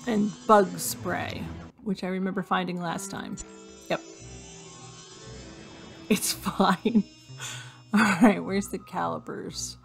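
Woman streaming a puzzle game, chatty and self-joking, bit of vocal fry, soft music underneath. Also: medium pitch, fairly even intonation, takes it slowly, long pauses. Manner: chatty, reads item lists aloud, jokes to herself. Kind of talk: casual gameplay commentary.

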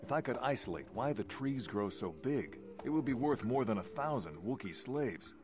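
A man's voice: mid-range voice, animated, moderate pace, darkish tone, faint music behind, natural voice. An actor playing a cold, greedy male corporate researcher in a video game, detached and matter-of-fact.

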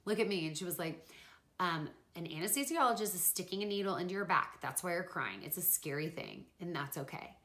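A young woman vlogger telling a personal story to camera in an animated, chatty way, full of fillers. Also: fairly low pitch, brisk, reverberant.

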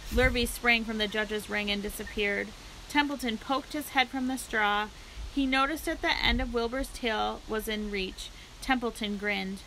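A woman library storyteller reading a children's book aloud with steady, clear narration. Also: a little high, normal speed, slight background noise, low-quality recording.

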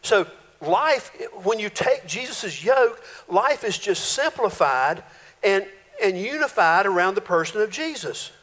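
Man, pastor, folksy animated sermon, high voice, long church-hall reverb. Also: a little slow. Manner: folksy, animated preaching with playful voiced quotes. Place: church sanctuary.

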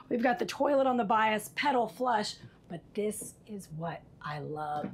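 A woman's voice: medium pitch, expressive, a little slow, a little hiss or hum. A woman hosting an RV walkthrough inside a travel trailer, chatty and sassy, calling viewers honey and y'all. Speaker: RV tour host. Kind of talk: enthusiastic walkthrough review.

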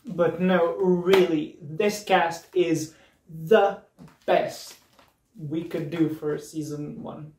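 This Serbian drag performer, a man, talks extremely slowly in a fairly high, darkish voice with fairly even intonation. He delivers a biting roast packed with mocking punchlines and laughs. A distant mic makes the sound roomy, with faint noise.

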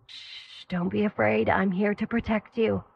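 A protective older brother soothes his sister in a soft, coaxing voice, choking slightly on his words, as a woman reads him. The audio sounds dull and lo-fi. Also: medium pitch, steady tone, a little slow, vocal fry, husky, heavily acted. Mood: hushed.

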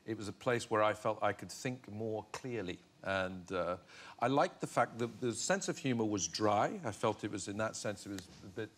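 A man's voice: fairly low pitch, expressive, normal speed. Reflective middle-aged man from Northern Ireland. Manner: reflective, many restarts, laughs easily. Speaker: talk show guest. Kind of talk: chat show interview. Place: television studio.

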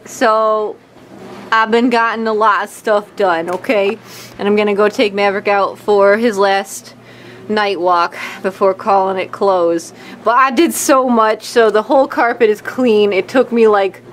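A woman's voice: mid-range voice, steady tone, measured pace, a little hiss or hum. A woman vlogging at home in a rambling, upbeat way, using folksy slang. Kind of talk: casual chat to camera.

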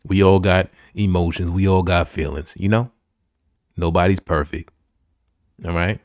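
A man's voice: sits low, fairly even intonation, measured pace, darkish tone, no echo, studio quality. A man hosting a podcast, giving an emphatic, repetitive motivational pep talk full of slang. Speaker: podcast host.

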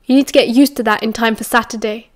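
A woman's voice: on the high side, fairly even intonation, fast talker, natural voice. A woman with a British accent voicing a stern older man who lectures seriously. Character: stern older man, a blunt wartime mentor.

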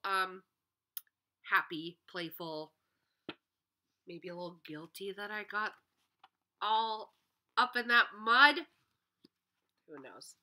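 Young kindergarten teacher lady reading a picture book aloud, sing-songy, bright voice, takes it slow. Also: mid-range voice, clean tone. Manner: expressive, sing-song, talks directly to young kids.

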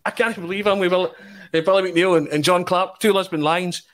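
A man impersonating a famous male pop star as a starstruck, gushing fan, in a raised, excited voice. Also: on the high side, fairly quick, pitched above the performer's own voice, natural voice.

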